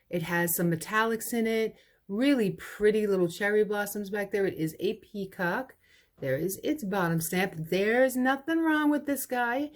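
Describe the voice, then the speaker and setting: A woman who owns a vintage shop, presenting items in a casual live clearance sale, fondly calling pieces cute little babies and closing each pitch with a price and lot number.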